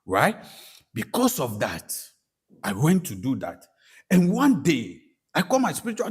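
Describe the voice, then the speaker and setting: His voice leans high and slightly rough as this spiritual practitioner, speaking Ghanaian-accented English, recounts his personal testimony a little slowly, pausing often. He narrates animatedly and acts out quoted voices.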